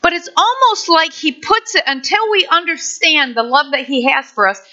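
A woman preaching an animated sermon, full of acted-out scenes and exclamations. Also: very high-pitched, moderate pace, highs cut off.

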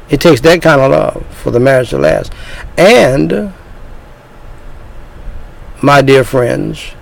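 A man preaching a sermon in a combative, lecturing way, dropping now and then into low, threatening asides. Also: creaky, a little mellow, low-quality recording.

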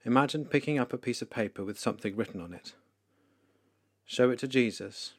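A man leading a guided meditation for listeners, speaking slowly, calmly and softly with pauses. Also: mid-range voice, slightly rough, no echo, studio quality. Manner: slow, calm, soft-spoken with pauses. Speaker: devotional leader.

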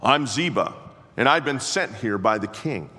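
Insistent king's messenger on an errand , played by a male preacher, slow and roomy with hall reverb. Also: mid-range voice, animated, husky, full character voice. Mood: earnest. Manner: brisk, insistent, calls out loudly.

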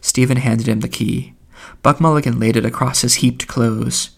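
A man reading a literary novel aloud as an audiobook narrator, in a measured, even delivery. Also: mid-range voice, creaky.

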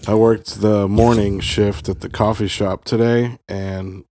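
A man's voice: lowish voice, level tone, unhurried, warm tone, no echo. A man co-hosting a podcast, talking in a tired, laid-back, casual way. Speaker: podcast co-host. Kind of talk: casual chat.

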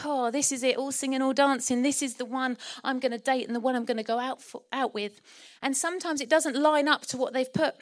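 Middle-aged essex woman preaching in church, chatty storyteller, laughs a lot, slightly high voice. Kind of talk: sermon.

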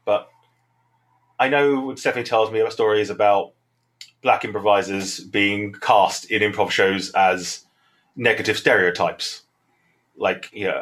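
A man's voice: on the low side, fairly bright tone. A man with a Southern English accent, an improv teacher talking through his thoughts in a reflective, rambling interview answer.

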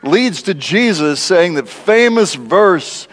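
A man preaching a conversational sermon as a guest speaker, animated and laughing often, acting out the lines he quotes. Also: high-pitched, moderate pace. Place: large church. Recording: church hall with long reverb.

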